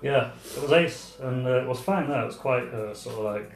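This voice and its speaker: A man's voice: mid-range voice, a little fast, roomy sound. A man co-hosting a casual podcast chat, blunt and teasing, who swears freely. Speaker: podcast co-host.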